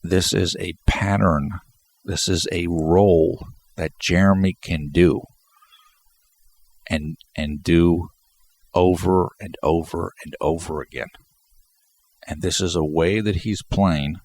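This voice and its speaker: With a deep, slightly mellow voice, a congested man rambles alone through commentary after a basketball game. His sentences frequently restart, and words get repeated.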